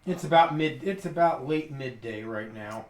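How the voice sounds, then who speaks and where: A man narrating a tabletop game as game master, describing scenes quickly. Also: medium pitch, a little mellow, roomy sound, low-quality recording.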